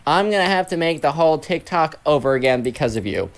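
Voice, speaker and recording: A man voicing a dismissive teenage girl who is glued to her phone, in a flat, brushing-off way. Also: fairly high pitch, fast. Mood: annoyed.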